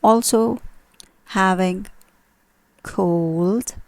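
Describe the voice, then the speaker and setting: A woman's voice: mid-range voice, extremely slow, no echo. A woman teaching an English grammar lesson, explaining carefully and asking her viewers questions.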